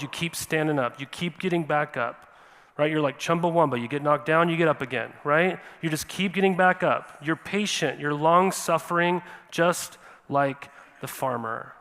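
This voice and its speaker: A man preaching a sermon as pastor, animated and often checking in with his listeners. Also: on the high side, moderate pace, in a large hall. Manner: animated, repeats "right?" to the congregation. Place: church sanctuary.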